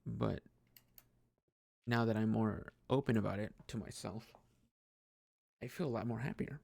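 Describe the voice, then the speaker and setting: A man's voice: lowish voice, measured pace, gravelly, a little mellow, no echo, clean studio sound. A young man talking casually and openly to himself, rambling with many restarts and frequent laughs. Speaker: podcast host. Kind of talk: casual personal monologue.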